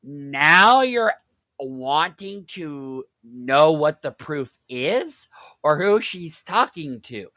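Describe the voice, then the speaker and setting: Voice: medium pitch, big pitch swings, slow, fairly bright tone, no room sound. A reaction commentator with a sarcastic, mocking way of talking.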